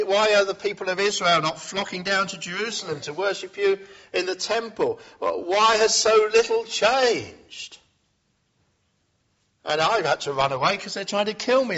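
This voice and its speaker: A man preaching a sermon in a reflective way, rising for emphasis and then dropping low and quiet. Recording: dull lo-fi sound.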